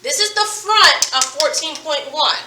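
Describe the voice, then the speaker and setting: A woman teaching a phonics lesson to children, speaking slowly and emphatically and repeating each word and sound. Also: sits high, lively intonation, noisy background. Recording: echoey room, mic at a distance.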